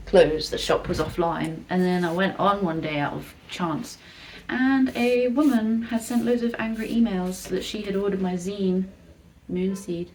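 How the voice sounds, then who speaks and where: A woman's voice: on the low side, slight background noise, rough recording. A woman in casual vlog chat, rambling as she gives a tour of her home. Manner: chatty and rambling, soft asides to herself. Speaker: artist vlogger.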